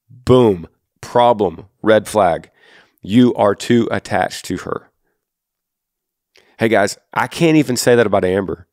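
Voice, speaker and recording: Heard in studio-quality audio without room sound, a man in his thirties with a Texan accent hosts a faith-based advice podcast. His medium-pitched voice is a little slow and a little mellow as he addresses a listener earnestly and directly.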